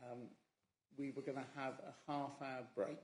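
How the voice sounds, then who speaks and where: A man's voice: mid-range voice, flat delivery, unhurried, a little mellow. A man chairing a council planning meeting, speaking with fillers and self-corrections at a desk microphone. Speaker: committee chair. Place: council chamber. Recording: echoey council chamber with faint room noise.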